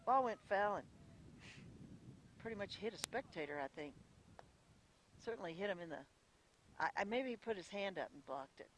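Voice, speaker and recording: A radio play-by-play announcer calling a live high school baseball game outdoors, chatty and folksy, often unsure of details and correcting themselves. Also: expressive, moderate pace, pauses often, a little hiss or hum. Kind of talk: live radio sports commentary.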